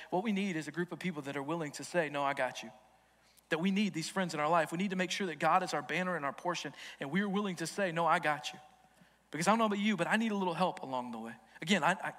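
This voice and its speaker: A man in his thirties preaching a sermon as a guest speaker, joking and telling stories with animated energy. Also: fairly high pitch. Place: church hall. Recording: long hall reverb.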